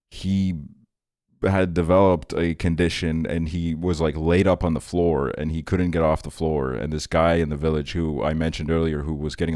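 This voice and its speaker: A young man with a very low voice spins a casual personal story for his stream. He rambles with plenty of fillers and chuckles at his own tale. The sound is close and dry, with no room behind it. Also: a little mellow, no room sound. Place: home streaming setup.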